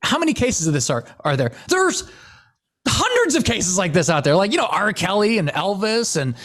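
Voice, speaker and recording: A man's voice: sits high, sing-song, moderate pace, fairly bright tone. A man co-hosting a podcast in casual chat, laughing often and acting out quotes. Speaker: podcast co-host.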